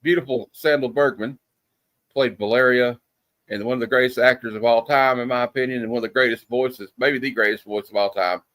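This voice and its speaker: A man of middle pitch hosts a casual film review. He rambles and restarts often, piling up fillers as he goes. The sound is close and dry, with no room around it. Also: steady tone, brisk, a bit bright, no echo. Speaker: movie review host. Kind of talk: casual movie review chat. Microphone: streaming setup.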